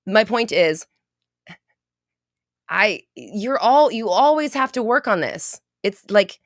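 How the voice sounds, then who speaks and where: A woman's voice: mid-range voice, lively intonation, slow, no echo, studio quality. A woman hosting a manifesting podcast, talking in a blunt, emphatic and profane way in casual motivational chat. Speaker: podcast host.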